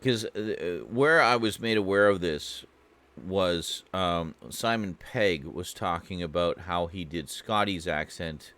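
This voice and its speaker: A Canadian man with a very deep, low voice chats while he streams a game. He rambles, swears freely and pokes fun at himself in a loose, casual way. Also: takes it slowly, fairly bright tone. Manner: rambling, profane, self-mocking. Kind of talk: casual chat while gaming.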